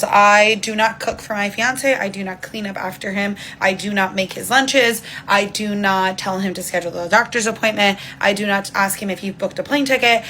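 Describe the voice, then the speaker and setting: Woman, mid-pitch, casual talk to camera, firm and plain-spoken, faint background hiss. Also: sharp tone, low-quality recording. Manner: firm and matter-of-fact, repeats points for emphasis. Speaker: social media commentator. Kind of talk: casual opinion monologue.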